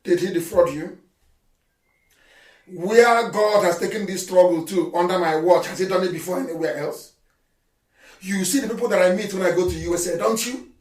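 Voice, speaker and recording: A fiery, scornful man with a Nigerian accent and a high voice gives a live address, often shouting. He stands well back from the mic in a room that rings with echo. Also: moderate pace, long pauses. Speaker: political activist leader addressing followers. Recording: echoey room, speaker far from the mic.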